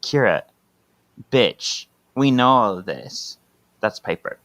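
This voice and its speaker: A man's voice: fairly low pitch, expressive, slow, a bit bright. A man co-hosting a podcast, reading comic book dialogue aloud in a playful, sassy way and laughing often. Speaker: podcast co-host.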